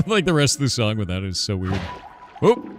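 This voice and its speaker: A man's voice: mid-range voice, wildly swooping pitch, moderate pace, faint music behind. A man streaming a game in casual chat, thinking aloud and swearing under his breath as he plays.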